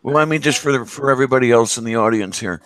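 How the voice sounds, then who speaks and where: A man's voice: mid-range voice, rapid-fire, fairly bright tone. A man from the Great Lakes region with a Great Lakes American accent, hosting a casual chat with friends and explaining things at length over an online voice call. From Cleveland, Great Lakes US.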